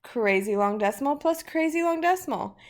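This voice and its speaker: A woman's voice: sits high, lively intonation, a little fast. A woman teaching a math lesson in a casual way, thinking aloud through examples in an upbeat, chatty manner.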